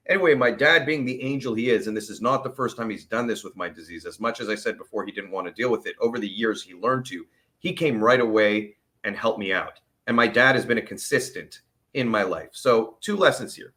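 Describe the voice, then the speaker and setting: Earnest man with a bright voice. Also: mid-range voice, animated, fairly quick. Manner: earnest and openly emotional; plain-spoken, with the odd curse. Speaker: vlogger sharing his chronic illness story. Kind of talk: candid personal storytelling.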